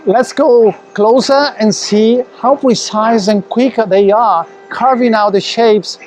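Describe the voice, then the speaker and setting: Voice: mid-range voice, takes it slowly, a little mellow. An eager company presenter guides a live tour through a large indoor warehouse. The delivery is enthusiastic and unscripted, full of restarts and small fillers.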